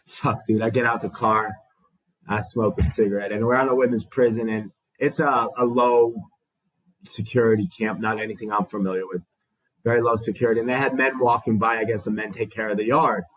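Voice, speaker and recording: A man's voice: lowish voice, steady tone, fairly quick, a bit bright, no echo, poor audio. A man telling his recovery story to a small group, raw and profane, acting out the dialogue he quotes.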